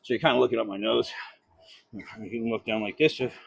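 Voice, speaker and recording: A man's voice: mid-range voice, fairly even intonation, a little fast, vocal fry, slightly rough, no room sound, dull audio. A man vlogging from a treadmill after a workout, out of breath, talking in a rambling, profane, casual way into a phone held close. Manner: rambling, profane, self-deprecating. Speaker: fitness vlogger. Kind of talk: casual vlog chat. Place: gym, on an incline treadmill.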